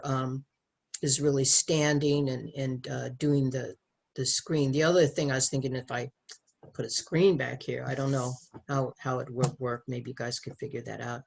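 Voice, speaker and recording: A middle-aged woman talking earnestly in a casual conversation, animated and restarting often as she tells stories from her work as a sex educator. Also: rumbling low, gravelly, breathy edge.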